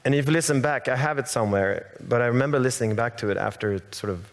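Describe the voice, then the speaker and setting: A man's voice: medium pitch, fast, big-room sound. A man born in Sweden whose first language is Swedish, a songwriter guest telling a story in a rambling, hesitant way with many restarts. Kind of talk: casual stage interview. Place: large hall on stage.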